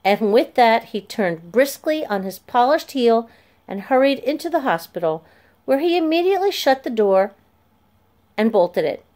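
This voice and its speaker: A woman narrating a children's chapter book aloud in a clear, steady storytelling voice. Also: on the high side, moderate pace.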